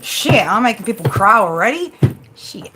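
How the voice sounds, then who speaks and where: A woman runs a relaxed live tarot reading from her home, chatting loosely and dropping swear words as she addresses viewers one by one. Her pitch sits in a plain middle range, with a faint noise floor under the voice. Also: moderate pace. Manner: chatty, swears freely, talks to viewers and pets by name. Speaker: tarot reader hosting a live stream. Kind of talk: casual live-stream chat.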